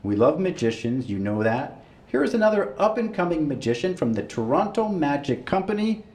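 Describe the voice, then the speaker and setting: A man's voice: a little high, big pitch swings, brisk, darkish tone. A man hosting a variety show, introducing acts with upbeat announcer delivery. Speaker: host. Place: residential building elevator lobby. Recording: echoey room.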